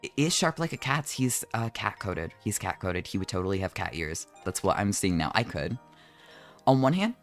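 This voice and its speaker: A man streaming from home as a vtuber, chatting casually while he draws, animated and jokey, swearing often and teasing his chat. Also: on the low side, normal speed, soft background music.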